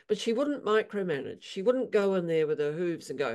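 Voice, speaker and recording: Mellow-voiced woman, animated storyteller. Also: mid-range voice, moderate pace. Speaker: equine therapist and author. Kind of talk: storytelling in an interview.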